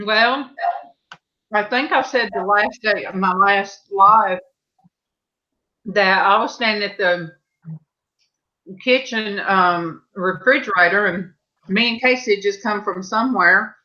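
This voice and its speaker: A woman hosting a live-stream panel, telling stories in a slow, halting, meandering way over a video call. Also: mid-range voice, pushed and bright, muffled recording. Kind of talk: casual chat on a live stream.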